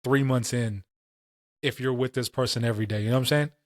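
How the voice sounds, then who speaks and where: A man's voice: medium pitch, fairly even intonation, fast, no room sound, studio quality. A man in his late twenties or thirties, co-hosting a casual podcast and telling stories in heavy, profane street slang. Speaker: podcast co-host.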